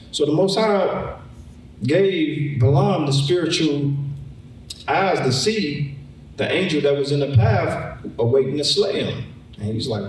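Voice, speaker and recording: A man's voice: fairly high pitch, lively intonation, a little slow. A man preaching a Bible lesson in a conversational way, often repeating words and acting out the story. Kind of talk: sermon, Bible teaching. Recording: echoey room, mic far off.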